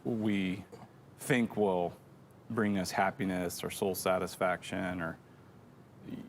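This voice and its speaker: A man's voice: deep voice, level tone, slow, a little hiss or hum. A middle-aged man co-hosting a church show, telling a rambling, self-deprecating story in casual chat.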